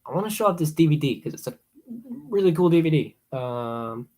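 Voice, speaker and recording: A young man hosting a casual live stream, rambling with many ums and excited asides. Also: on the high side, fast, husky. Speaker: livestream host ranking horror films.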